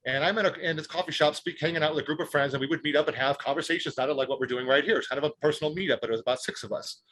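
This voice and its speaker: Fast-talking husky man. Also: fairly high pitch. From Detroit, United States. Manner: animated, emphatic, repeats words when excited. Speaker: guest speaker. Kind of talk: personal storytelling in an interview.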